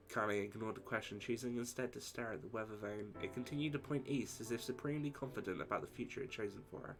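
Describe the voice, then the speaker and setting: A man's voice: lowish voice, brisk. A man streaming a game, reading its story text aloud and chatting casually with viewers. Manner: steady reading, casual asides to chat. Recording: voice over game music.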